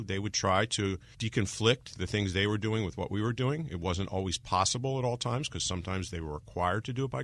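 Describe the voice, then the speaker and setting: Gravelly older man, measured. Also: on the low side, fairly bright tone, no room sound. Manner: measured, deliberate storyteller who acts out quoted voices. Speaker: former inspector general, guest author. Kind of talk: recounting anecdotes in an interview.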